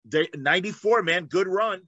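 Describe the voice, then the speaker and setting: A man's voice: sits high, moderate pace, sharp tone, no room sound, highs cut off. A man hosting an interview podcast, chatting casually and agreeing eagerly. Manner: enthusiastic, agreeable, "man" tags. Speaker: podcast host.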